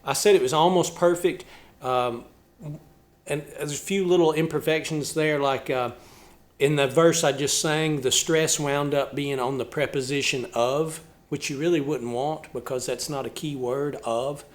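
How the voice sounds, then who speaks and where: With a steady tone, a little high and a little slow, a male musician hosting a channel chats casually about a song. He thinks things through, explaining step by step with small restarts.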